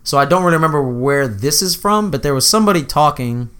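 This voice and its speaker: A man's voice: a little high, lively intonation, fast talker, a bit bright, clean tone. A young man hosting a casual podcast, loose and profane, often laughing and acting out movie lines. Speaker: podcast host.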